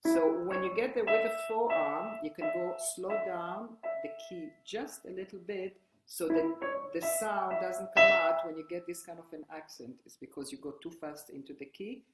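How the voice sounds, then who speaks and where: A woman piano teacher explaining technique while she demonstrates at the keyboard, with halting restarts. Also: on the low side. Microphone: online workshop, single room mic. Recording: roomy sound with loud piano playing. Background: piano playing.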